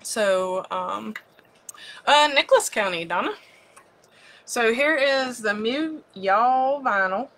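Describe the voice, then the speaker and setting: A woman from Virginia, hosting a craft livestream in a chatty, bubbly way, her voice leaping high on greetings. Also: fairly bright tone, a little hiss or hum. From West Virginia. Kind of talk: casual live-stream chat.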